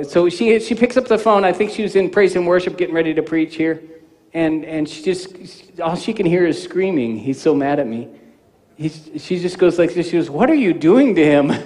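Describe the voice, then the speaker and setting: Pastor, male, fifties, high voice; animated sermon storyteller in a long-reverb sanctuary. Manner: animated, acts out dialogue in quoted voices. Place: church sanctuary. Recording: reverberant church hall.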